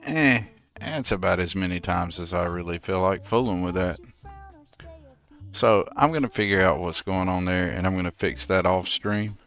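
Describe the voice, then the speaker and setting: A man streaming a game, chatting casually and good-humoredly with his viewers in a relaxed, rambling way. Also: low-pitched, moderate pace. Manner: laid-back, good-humored rambling to chat. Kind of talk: casual live gameplay commentary.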